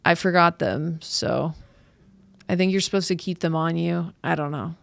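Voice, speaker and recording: A woman in her thirties, a comedian hosting her own podcast, rambling through a casual monologue with halting restarts. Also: fairly low pitch, vocal fry, dry recording. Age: 30s. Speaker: podcast host and stand-up comedian.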